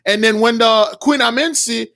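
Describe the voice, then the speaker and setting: A man's voice: extremely high pitch, moderate pace, gravelly, fairly bright tone. A man retelling a religious story as a preacher, rambling with many restarts and calling his listeners brothers.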